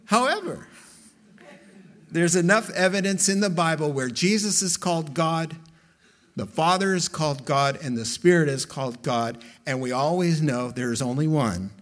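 A man preaching a sermon as a pastor, emphatic and slow, with dramatic pauses between phrases. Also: on the high side, fairly bright tone.

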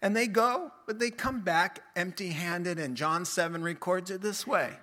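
A man preaching a sermon in a bright, high voice. He takes his time, letting each phrase land, and he acts out the voices in the stories he tells. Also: unhurried. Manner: expressive preaching, acting out quoted voices. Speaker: pastor.

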